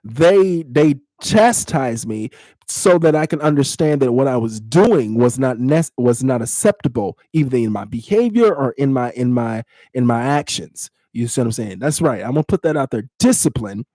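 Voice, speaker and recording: A man's voice: mid-range voice, expressive, moderate pace, warm tone, no echo, studio quality. A man in his thirties hosting a casual podcast, talking bluntly to his live chat, teasing and laughing often. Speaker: podcast host.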